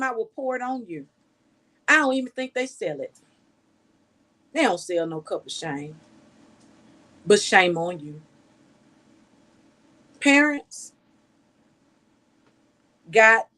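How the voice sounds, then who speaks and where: A woman's voice: medium pitch, fairly bright tone. A woman journalist giving outspoken, scolding news commentary full of rhetorical questions.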